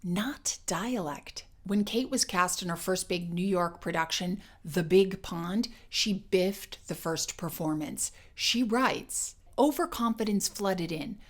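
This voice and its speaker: A woman voice coach giving a scripted educational narration in a clear, measured and emphatic way. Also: lowish voice.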